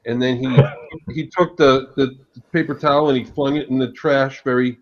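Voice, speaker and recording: A man, a guest agile coach, telling an animated anecdote during a live panel talk. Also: medium pitch, normal speed. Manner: animated, vivid anecdotal delivery. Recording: dull lo-fi sound.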